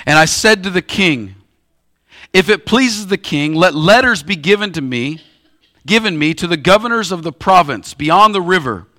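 Bright-voiced emphatic male pastor. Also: sits high, expressive, normal speed. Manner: emphatic, acts out the biblical dialogue. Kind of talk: sermon.

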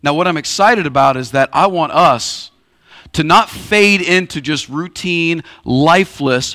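A man's voice: mid-range voice, bright, forceful tone. A man preaching a sermon as a pastor, emphatic and acting out the dialogue of the passage in plain speech. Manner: emphatic, acts out the biblical dialogue.

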